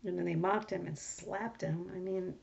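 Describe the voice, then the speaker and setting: A woman with a lowish, gravelly voice reflects on scripture in loose, unscripted talk. She wanders and restarts often and leans on fillers. The sound is dull and lo-fi. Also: fairly even intonation, moderate pace, darkish tone. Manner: rambling, many fillers and restarts. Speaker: Bible study speaker. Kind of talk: casual Bible reflection. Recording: dull lo-fi recording.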